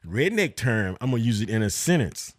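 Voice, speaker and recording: A middle-aged man, a father co-hosting a podcast, talking in casual chat with drawn-out phrasing and loud laughter. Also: mid-range voice, very animated, dry recording, studio quality.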